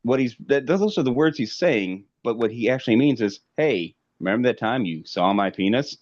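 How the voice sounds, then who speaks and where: A man from the American Midwest co-hosting a podcast, telling stories in a dry, deadpan way. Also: mid-range voice, normal speed, no room sound, highs cut off. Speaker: podcast co-host. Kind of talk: casual chat.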